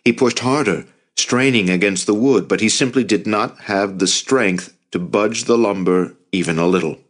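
A man narrating an audiobook in a measured storytelling manner. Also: lowish voice. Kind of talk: scripted narration.

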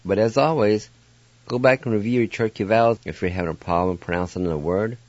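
A man's voice: on the low side, fast, a little mellow, dry recording. A man hosting a radio language lesson, patiently spelling words letter by letter and pronouncing them. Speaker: radio host teaching language. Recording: dull dry studio sound.

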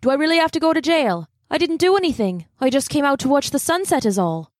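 A nervous young boy, earnest and a little pleading, pitched well up, as a woman reads him aloud. The voice is close and dry in a storybook reading. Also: animated, unhurried, dry recording, close to an everyday voice.

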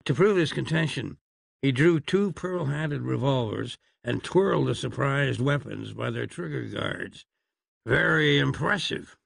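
A man's voice: mid-range voice, expressive, a little slow, gravelly, fairly bright tone, slightly rough, no room sound. A man narrating an audiobook expressively, with a wry, arch storytelling manner.

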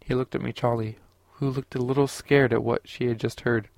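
A man narrating a science fiction audiobook in a steady, unhurried way. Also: medium pitch, creaky, dry recording.

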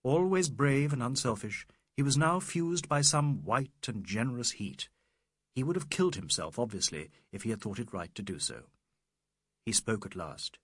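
A man reading a novel aloud as narrator, expressive and measured. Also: medium pitch, slightly rough, dry recording, clean studio sound. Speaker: audiobook narrator. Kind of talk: scripted narration.

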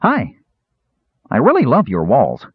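A man's voice: medium pitch, huge pitch swings, a little slow, husky, dry recording, voice pushed up, exaggerated voice. A man voicing a cheerful, chatty small kender, eager and rambling. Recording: thin phone-like audio.

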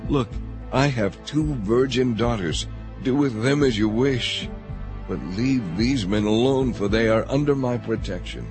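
A man's voice: medium pitch, unhurried, music in the background, natural voice. A man reading a pleading old host. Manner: earnest, pleading.

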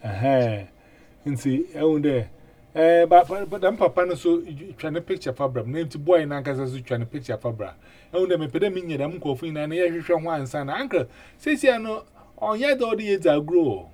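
A man hosting a casual radio chat, animated and full of 'eh' fillers and repeated words. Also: on the high side, brisk. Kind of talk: casual chat in mixed languages.

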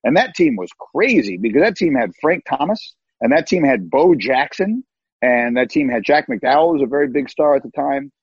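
Husky-voiced man on a dull remote line. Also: mid-range voice, a little mellow, no room sound. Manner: emphatic, repeats words when starting sentences. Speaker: guest. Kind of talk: animated storytelling. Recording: dull lo-fi, dry.

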